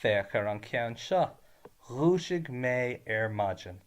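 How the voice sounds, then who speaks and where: An animated, mid-range male voice leads a slow, clear Irish grammar lesson. The teacher is deliberate, switching between the two languages and stressing every ending.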